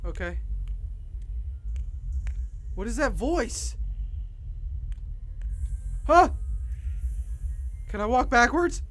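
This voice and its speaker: A woman's voice: a little high, big pitch swings, drawn-out words, long pauses, soft background music. A woman gamer giving let's play commentary, panicking, swearing and screaming as she plays.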